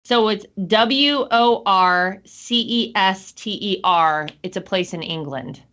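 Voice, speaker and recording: A woman's voice: medium pitch, slow, fairly bright tone, dull audio. A woman hosting a casual chat show, talking in an upbeat, chatty way. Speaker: host.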